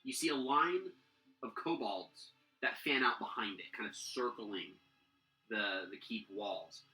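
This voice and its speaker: A man's voice: lowish voice, a little slow, sharp tone, reverberant, faint music behind, rough recording. A man narrating a tabletop game as game master, rambling with many fillers and restarts.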